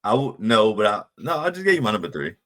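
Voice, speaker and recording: Relaxed man with a low voice. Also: fast talker. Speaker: podcast co-host. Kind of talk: casual chat.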